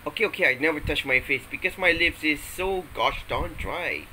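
A man's voice: on the high side, moderate pace, pushed and bright, a little hiss or hum, low-quality recording. A man vlogging from home, rambling playfully and hesitantly, often restarting his sentences. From Malaysia. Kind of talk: casual rambling vlog.

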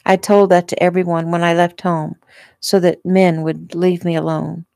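A woman's voice: fairly low pitch, flat delivery, normal speed, gravelly, mellow, dry recording, studio quality. A woman voicing a weak, injured young woman who speaks apologetically.

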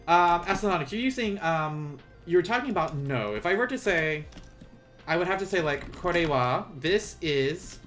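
Higher-voiced man teaching slowly. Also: animated, fairly bright tone, soft background music. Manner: patient, explains and repeats slowly for learners. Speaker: language teacher. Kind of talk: live online lesson.

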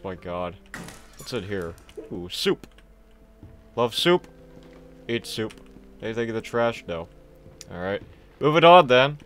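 A man's voice: medium pitch, fairly bright tone, clean tone, no room sound. A young man giving chatty, joking let's play commentary and talking to the game characters. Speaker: gaming streamer.

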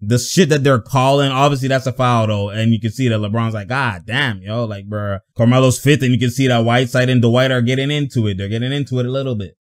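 A young man giving casual, slangy reaction commentary over a basketball game, laughing often and getting excited. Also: medium pitch, fast, few pauses.

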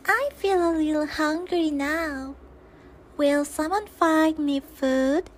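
A woman voicing a tiny, hungry newborn duckling in a storybook, with a high chirpy baby voice. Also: takes it slowly. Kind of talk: storybook voice acting.

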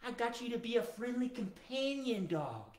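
Brief: upbeat male kids' show host, lively pitch, roomy sound with faint guitar. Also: normal speed. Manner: cheerful, addresses children directly. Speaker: children's musician and show host.

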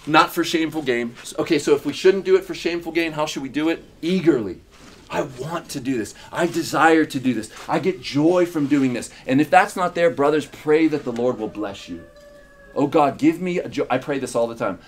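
A man's voice: fairly high pitch, fairly quick, a little hiss or hum. A man preaching a sermon as pastor, emphatic, with repeated phrases and rhetorical questions. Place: church in Uganda.

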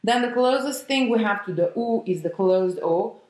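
A woman, an opera diction coach teaching vowels slowly and demonstrating each sound. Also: on the high side, lively intonation, darkish tone. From Italy. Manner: slow, deliberate, sings out example vowels. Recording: echoey room.

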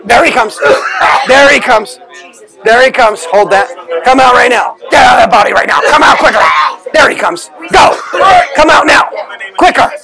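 A man leading a deliverance prayer, forceful and commanding, often shouting. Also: very high voice, normal speed, loud music behind the voice, rough recording. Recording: crowd noise behind.

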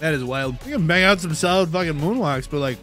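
A man streaming a horror game, reacting with loud, profane outbursts as he plays. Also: a little high, quick pace. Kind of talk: live gameplay commentary. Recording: game music underneath.

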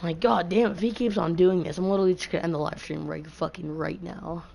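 A woman's voice: fairly low pitch, fairly even intonation, fast, vocal fry, dark tone. A woman live streaming a game, ranting and swearing in frustration at the other team and her computer. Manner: profane, frustrated, complaining. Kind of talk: angry gaming live stream rant. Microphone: gaming headset mic.

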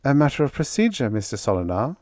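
An audiobook narrator voicing Ermin, a calm, courteous male agent who speaks in a gentle, precise and formal way. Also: mid-range voice, fast talker, dry recording, studio quality, pitched above the performer's own voice, natural voice. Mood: even, probing.

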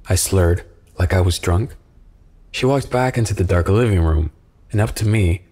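A man calmly narrating a first-person horror story from a script. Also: deep voice, normal speed.

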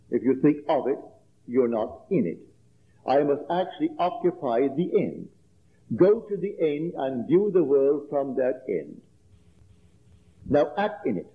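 A man giving a spiritual lecture, telling a personal story in a measured, emphatic way and repeating his key phrases. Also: mid-range voice. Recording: tinny lo-fi archival tape.

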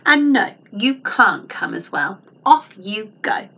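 A woman voicing a polite but bold little girl in a read-aloud storybook, with a bright, high voice. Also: sing-song, takes it slowly, dull audio, heavily acted.

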